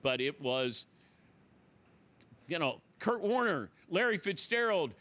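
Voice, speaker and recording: A middle-aged man hosting a talk show, telling a story in casual chat and acting out the people he quotes with loud, high exclamations. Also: very animated, slow pace. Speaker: radio show host.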